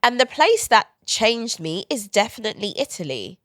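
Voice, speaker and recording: A woman's voice: on the high side, moderate pace, dry recording. Candid woman, dry close sound. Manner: candid, animated storytelling with quoted asides. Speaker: guest author. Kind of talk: conversational podcast interview.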